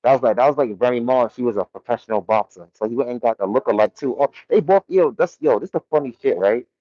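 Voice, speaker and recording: A man with a medium-pitched voice talks fast while hosting a casual warehouse livestream, reading chat and riffing in loose slang with lots of laughing. The recording is dry and lo-fi.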